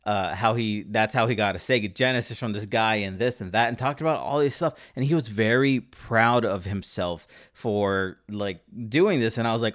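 A man from Southern California telling a story in casual chat, rambling and halting with many fillers and restarts. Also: lowish voice, fairly bright tone.

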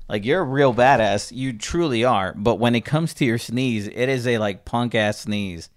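A man's voice: mid-range voice, normal speed. A young man hosting a podcast, casual, teasing and rambling with some swearing. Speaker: podcast host. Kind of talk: casual chat.

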